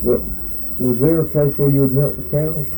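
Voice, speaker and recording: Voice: medium pitch, fairly even intonation, normal speed, mellow, a little hiss or hum, rough recording. An interviewer asking short prompting questions in an oral history interview.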